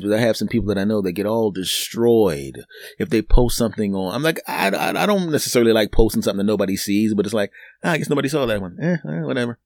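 A man's voice: on the low side, a little mellow, dry recording, clean studio sound. A man hosting his own podcast, rambling through a comic solo monologue and acting out imagined conversations in exaggerated voices. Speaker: podcast host.

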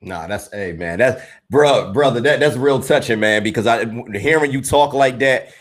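A man's voice: mid-range voice, normal speed. Admiring male host, rambling. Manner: admiring, rambling, peppered with "man". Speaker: interviewer, host. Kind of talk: casual interview talk.

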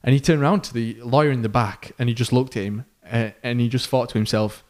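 Animated man telling a story. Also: mid-range voice, fast. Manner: animated storyteller who acts out quoted voices, with fillers. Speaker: podcast co-host. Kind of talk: casual storytelling.

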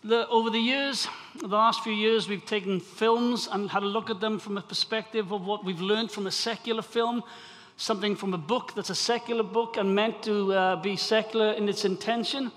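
In a hall with long reverb, a Welsh preacher delivers a chatty sermon introduction, often restarting phrases, before reading scripture aloud. His voice is high-pitched and fairly bright, with fairly even intonation and a moderate pace.

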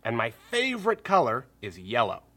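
A man's voice: mid-range voice, wildly swooping pitch, normal speed, sharp tone, full character voice. A man voicing a friendly, cheerful green frog who asks children to join in.

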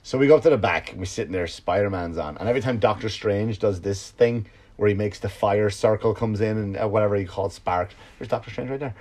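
A man, a comedian and podcast host, telling a story in a casual, profane monologue that swings from loud outbursts to low mutters. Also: a little fast.

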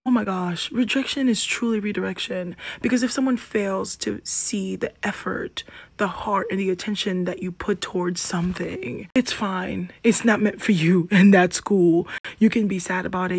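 A young woman in her twenties hosting a casual podcast, animated, swinging between loud venting and soft asides. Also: lowish voice, normal speed, gravelly, husky, dry recording. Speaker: podcast host.

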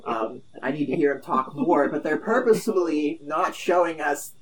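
A young man co-hosting a podcast in casual chat, laid-back and halting as he talks things through. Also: fairly high pitch, crowd noise, poor audio. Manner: laid-back, halting, with fillers and small laughs. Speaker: podcast co-host.

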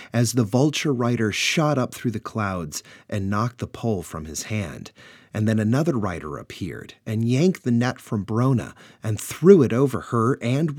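A man's voice: mid-range voice, breathy edge, no room sound, clean studio sound. A man narrating a dramatic pulp adventure story. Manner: animated, dramatic.

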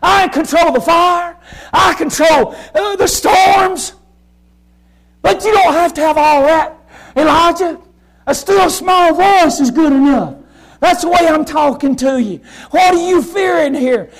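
God, a commanding and reassuring deity, booms each line with great emphasis, as a high-voiced preacher acts him out in his sermon. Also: measured pace, low-quality recording. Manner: booming and emphatic.

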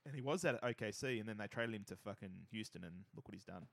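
A man's voice: lowish voice, fast talker, gravelly, no echo, clean studio sound. A man, chatting casually about sports as a podcast co-host, profane and rambling.

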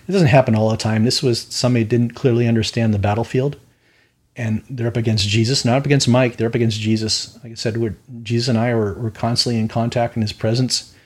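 A man's voice: mid-range voice, husky. A man who is a minister and podcast host, telling stories in a casual fireside chat. He talks earnestly, rambles off on tangents and often asks "right?". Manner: rambling, with tangents and frequent "right?" tag questions; earnest, matter-of-fact about spiritual warfare.

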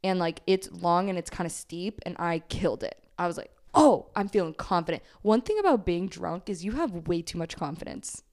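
A woman's voice: lowish voice, expressive, moderate pace, hardly any pauses, darkish tone. A young woman from Texas co-hosting a podcast, telling a rowdy story in casual, profane chat full of laughs and "like"s. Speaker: podcast co-host.

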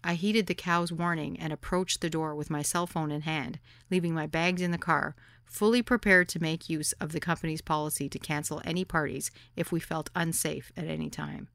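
A woman narrating her own memoir as an audiobook, wry and deadpan. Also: low-pitched, moderate pace, creaky, hardly any pauses, dry recording, clean studio sound.

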